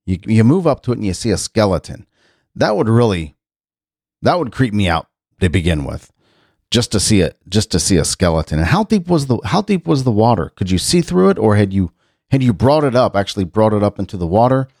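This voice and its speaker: Brisk and a little mellow, his fairly low voice moves through big pitch swings. This middle-aged host of a casual radio-style chat show muses aloud, rambles and restarts often as he reads the news, captured dry at studio quality.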